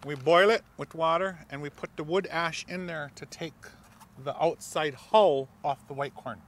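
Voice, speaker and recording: A man as a guest cook, calmly explaining a traditional soup recipe step by step with frequent pauses. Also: on the high side. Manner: unhurried, with many ums and pauses.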